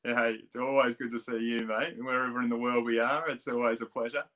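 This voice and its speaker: A man's voice: mid-range voice, flat delivery, a little fast, a bit bright. A middle-aged man with a strong Australian accent, a swim coach chatting as a guest, rambling with many restarts. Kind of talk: casual interview chat.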